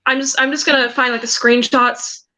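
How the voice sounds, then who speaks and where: A woman's voice: high-pitched, level tone, moderate pace, bright, forceful tone, poor audio. A young woman hosting a casual livestream chat, hesitant and repeating herself while she hunts for screenshots. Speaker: livestream host.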